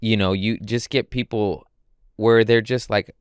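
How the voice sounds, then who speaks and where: A man's voice: on the low side, fairly even intonation, unhurried, clear, resonant tone, dry recording, studio quality. A man, a guest comedian, telling loose and profane stories in casual podcast chat.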